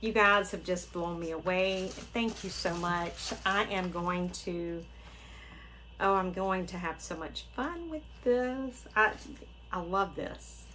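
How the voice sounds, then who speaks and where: A woman's voice: on the low side, takes it slowly, pushed and bright, a little hiss or hum, low-quality recording. A middle-aged woman, hosting a casual unboxing vlog and gushing with delight to her viewers. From Florida. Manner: gushing, exclaims often, talks to viewers. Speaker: craft channel host.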